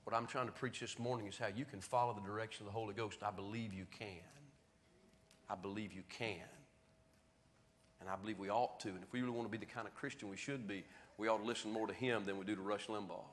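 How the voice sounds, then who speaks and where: A man's voice: lowish voice, fairly even intonation, fast. Middle-aged male pastor, homespun storytelling, in a hall with long reverb. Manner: folksy storytelling, then quiet earnest appeal. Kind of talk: sermon. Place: church sanctuary. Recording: church hall reverb on a live stream.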